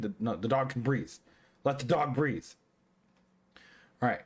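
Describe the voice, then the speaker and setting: A man's voice: mid-range voice, expressive, a little slow, slightly rough. Tipsy man ranting through a film review. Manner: rambling, profane, many restarts and fillers. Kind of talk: drunk casual review monologue.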